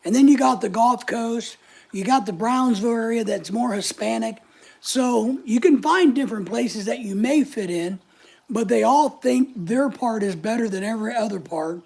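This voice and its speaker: A woman's voice: on the high side, normal speed, creaky, darkish tone, breathy edge. An older woman hosting a casual live chat, talking in a blunt, opinionated, chatty way. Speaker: channel host answering live chat.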